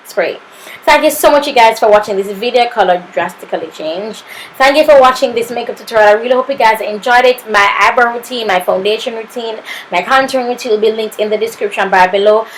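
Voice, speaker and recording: A woman's voice: a little high, slight background noise, poor audio. A young woman with a Jamaican accent narrating a makeup tutorial, sassy and playful, tossing in "honey" and "papito" as she goes. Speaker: makeup artist.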